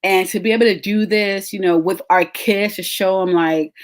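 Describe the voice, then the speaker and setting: A woman's voice: mid-range voice, fairly even intonation, a little fast. A woman, a podcast host telling a story in casual, chatty talk straight to her listeners. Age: 30s. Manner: chatty, addresses listeners as y'all.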